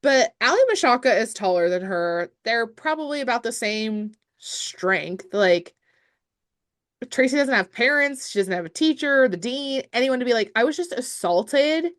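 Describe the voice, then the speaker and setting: A woman's voice: on the high side, expressive, normal speed, a bit bright. A young woman co-hosting a podcast, talking bluntly and with profanity, animatedly quoting characters. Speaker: podcast co-host. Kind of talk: casual chat about a movie.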